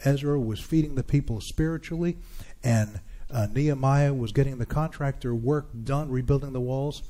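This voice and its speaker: A man's voice: medium pitch, moderate pace, warm tone. A middle-aged man preaching a sermon as pastor, calling out to his congregation. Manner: preaching with rising calls to the congregation.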